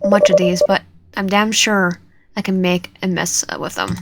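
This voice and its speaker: A woman's voice: mid-range voice, fairly even intonation, unhurried, very noisy. A woman reading a horror visual novel aloud, voicing the heroine's fear expressively. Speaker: gamer. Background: game music.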